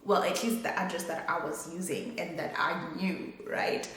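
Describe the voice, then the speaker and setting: A woman's voice: on the low side, steady tone, normal speed, fairly bright tone. A young adult woman vlogger telling a story to her viewers in a chatty, exasperated way. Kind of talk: casual storytime. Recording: echoey room.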